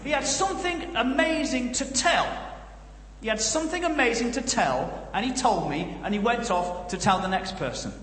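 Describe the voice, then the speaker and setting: A man with a generic Northern English accent delivers a comic sermon, full of jokes and storytelling. His voice is high and bright. It rings out with a long hall echo around it. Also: moderate pace. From Northern England. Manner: jokey, storytelling, lively asides. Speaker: guest preacher and comedian. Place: church.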